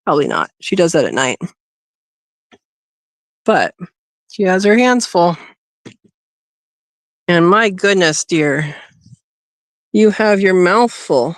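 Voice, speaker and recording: A woman's voice: fairly low pitch, big pitch swings, slow pace, pauses often, dry recording, clean studio sound. A woman hosting a homesteading live stream, chatting casually and talking sweetly to her rabbit, recorded on a phone. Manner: coos and talks to her rabbit, laughs often. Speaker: homesteading livestream host. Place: outdoors by a rabbit hutch.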